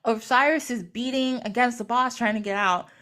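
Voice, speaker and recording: A woman podcast host retelling a myth in a casual, animated way, giggling and acting out quotes. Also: a little high, normal speed. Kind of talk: casual storytelling.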